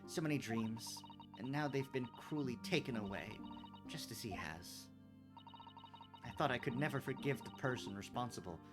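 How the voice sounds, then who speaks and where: Man doing a gentle, grieving young woman in a game reading, quiet voice, music under it. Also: medium pitch, lightly acted. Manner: soft, tearful, halting.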